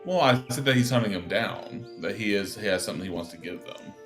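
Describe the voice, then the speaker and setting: A man's voice: fairly low pitch, animated, quick pace, fairly bright tone, soft background music. A man playing a tabletop game, chatting and joking with the group. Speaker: player. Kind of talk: casual tabletop play.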